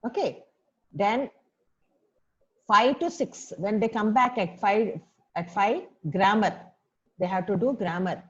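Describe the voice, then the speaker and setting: A woman's voice: medium pitch, slow pace, long pauses. A woman who teaches a story to students, explaining words and often asking them questions. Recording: dull lo-fi recording.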